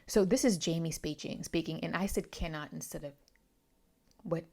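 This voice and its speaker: A woman's voice: low-pitched, moderate pace, creaky, darkish tone. A young woman reviewing a novel in a casual, chatty vlog, with many asides and self-corrections. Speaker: book reviewer.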